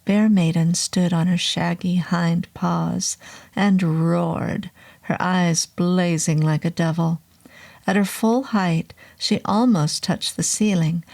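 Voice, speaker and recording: Husky woman reading a scary book real slow, gravelly low voice, whispery bits. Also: steady tone, darkish tone. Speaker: narrator. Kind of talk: audiobook horror narration.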